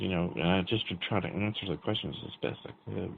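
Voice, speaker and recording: A man's voice: low voice, quick pace, gravelly. A man casually retelling a dream he just had, rambling and chuckling, with lots of fillers and restarts. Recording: tinny phone-like recording with faint noise.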